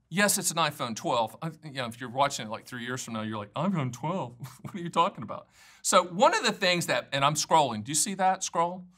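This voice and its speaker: A man's voice: on the high side, sharp tone. A middle-aged man hosting his own show about annuities, talking straight to camera in a folksy, joking way and rattling off long lists of product types. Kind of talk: casual direct-to-camera talk.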